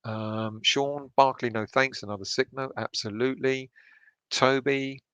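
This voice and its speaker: Hushed late-night man. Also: medium pitch, fairly even intonation, measured pace, smooth, no echo. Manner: hushed, keeping his voice down, swearing freely. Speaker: fan channel host reading live chat. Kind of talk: late-night casual chat. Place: home at night.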